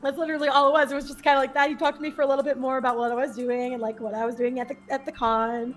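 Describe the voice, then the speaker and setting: A bubbly young woman with a high voice tells stories on a podcast, giggling as she goes and acting out what other people said. Soft music plays faintly behind her. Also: level tone, rapid-fire. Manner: bubbly, giggly, acts out quotes in a higher voice. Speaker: podcast guest. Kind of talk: casual storytelling chat.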